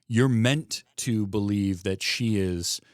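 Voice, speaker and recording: A man with a Michigan Midwest accent hosts a casual film podcast, full of chatty enthusiasm. His voice sits on the low side, and it is recorded close and dry, with no room sound at all. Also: no echo. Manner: chatty, enthusiastic, quick asides. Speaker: podcast host.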